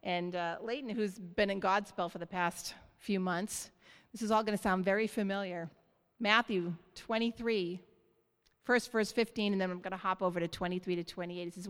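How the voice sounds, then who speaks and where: A woman pastor delivering a sermon in a church, preaching with animated, rising emphasis. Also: medium pitch, normal speed, smooth. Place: church sanctuary. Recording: hall reverb.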